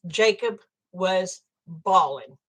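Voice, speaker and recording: A woman's voice: on the low side, extremely slow, a bit bright. An older woman, chatting with viewers on a livestream, angry and blunt and swearing freely. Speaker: livestream host. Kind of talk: casual livestream chat with viewers.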